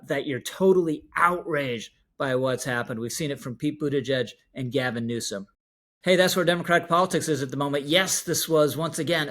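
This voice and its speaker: A man delivering political opinion commentary in a wry, emphatic way. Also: medium pitch.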